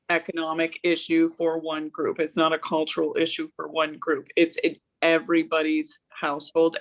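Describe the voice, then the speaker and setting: A woman guest on a video call explains her points in a steady, informative way. Her delivery stays level and flat, with frequent ums between phrases. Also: deep voice, muffled recording. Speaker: guest advocate. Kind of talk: interview answers.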